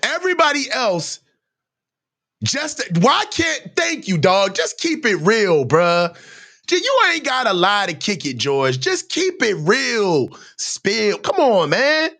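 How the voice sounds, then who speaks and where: A man's voice: high-pitched, wildly swooping pitch, slow pace, sharp tone. A man hosting a live football reaction show, ranting in heated, slangy commentary.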